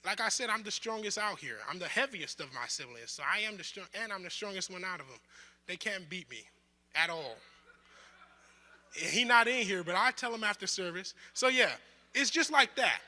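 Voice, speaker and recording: A man's voice: high voice, normal speed. A young man teaching a bible study group in a casual, joking way, acting out quotes as he goes. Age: young adult. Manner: conversational, joking, with lively asides and acted-out quotes. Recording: roomy hall with long reverb.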